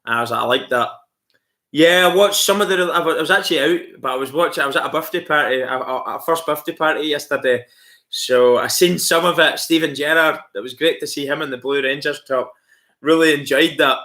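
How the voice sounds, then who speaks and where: A man's voice: on the high side, brisk, bright, forceful tone. A man hosting a casual live stream, chatty and rambling with lots of fillers. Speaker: livestream host.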